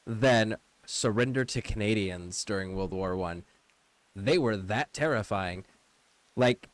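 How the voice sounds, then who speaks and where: Here the same kind of American streamer, medium-pitched and recorded without echo, offers loose gameplay commentary. He reads the menus out loud and drops in the occasional profanity.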